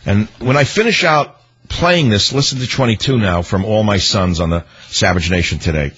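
Indignant, husky radio talk host. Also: male voice, fairly low pitch, moderate pace, fairly bright tone. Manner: indignant, rhetorical, hammering repetition. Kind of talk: political radio commentary. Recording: dull lo-fi radio broadcast.

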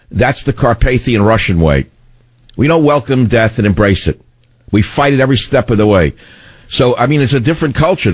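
A middle-aged man with a baritone voice, hosting a talk radio show in a combative, rambling way. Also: slightly rough, dry recording. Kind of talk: opinionated talk radio monologue. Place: radio studio. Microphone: studio microphone.

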